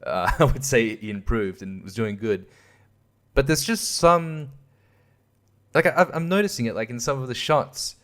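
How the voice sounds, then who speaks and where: A young man talks through a loose, casual monologue as host, rambling from one thought to the next. He swears freely and keeps breaking into laughter at his own stories, in a voice of ordinary middle pitch. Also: lively intonation, a little slow, fairly bright tone. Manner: rambling, profane, laughs often at himself.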